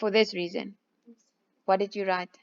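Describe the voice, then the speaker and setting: A woman's voice: mid-range voice, little pitch movement, moderate pace. A woman with a South African accent, teaching a maths class and going over a test step by step, moving between English and Afrikaans. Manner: switches between English and Afrikaans while explaining; patient, step-by-step explaining. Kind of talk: classroom test review lesson. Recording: slightly dull, lo-fi recording.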